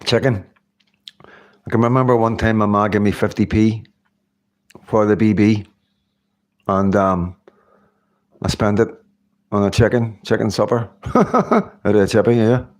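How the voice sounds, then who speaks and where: A man's voice: on the low side, steady tone, a little slow, long pauses. A middle-aged man hosting a casual livestream, chatting in a rambling way and laughing often. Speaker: livestream host. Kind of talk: casual live-stream chat.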